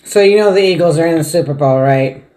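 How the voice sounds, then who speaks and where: Eating a meal at home, a middle-aged mukbang vlogger chats casually with her viewers, laughing often and murmuring between bites. Her voice is low and she talks fast, keeping a relaxed, homey tone.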